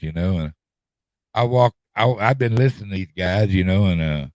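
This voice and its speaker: A man's voice: on the low side, a little mellow, no echo. A middle-aged man, telling a long rambling story in a folksy drawl and repeating himself as he goes. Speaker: podcast host telling a story. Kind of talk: casual storytelling chat.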